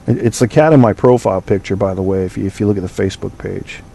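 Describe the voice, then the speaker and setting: Brief: rambling, profane male podcast host, low and mellow, late-night solo talk. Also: fast talker, gravelly, slight background noise.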